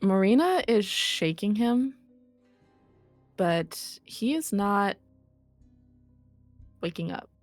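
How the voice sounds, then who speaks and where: A woman narrating a tabletop role-play as game master, relaxed and full of fillers. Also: mid-range voice, extremely slow, pauses often, no echo, soft background music.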